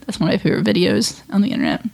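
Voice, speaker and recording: A young woman co-hosting a casual cartoon review, quick and teasing, laughing often. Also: medium pitch, wildly swooping pitch, gravelly, darkish tone. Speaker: co-host reviewing a cartoon episode. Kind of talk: casual chat.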